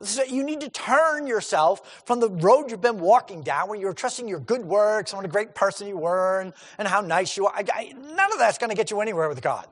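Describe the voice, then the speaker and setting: Delivering his sermon briskly with hardly any pauses, this male pastor leans on rhetorical questions and repeated words for emphasis. His voice sits high and moves very lively in pitch, echoing through the long reverb of a large hall.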